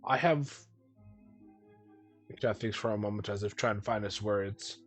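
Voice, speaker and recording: A man's voice: fairly low pitch, unhurried, soft background music, natural voice. A man voicing an anxious middle-aged man who stammers and pleads while asking after his missing family.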